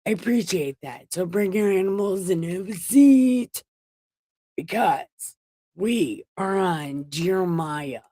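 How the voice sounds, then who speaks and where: A woman's voice: fairly low pitch, lively intonation, slow pace, warm tone, dry recording. A woman hosting a casual livestream Bible reading from home, joking, swearing and playfully boastful. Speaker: host reading the Bible aloud.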